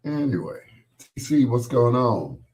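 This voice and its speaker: A man's voice: mid-range voice, very animated, a little slow, a little mellow. A middle-aged man, still getting his voice back after being sick, chats casually and jokingly with viewers on his live stream as host. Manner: rambling, joking, talks straight to viewers. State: recovering from losing his voice.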